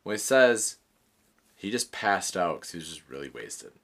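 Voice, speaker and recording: A man hosting a podcast, telling a story in casual chat, animated and swearing freely, often laughing as he talks. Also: deep voice, moderate pace, creaky. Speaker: podcast host.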